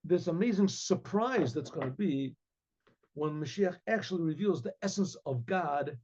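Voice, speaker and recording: A man, a rabbi, telling a story in a sermon with vivid, animated storytelling and hesitant restarts, on a dull lo-fi recording. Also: fairly high pitch, moderate pace. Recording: dull lo-fi sound.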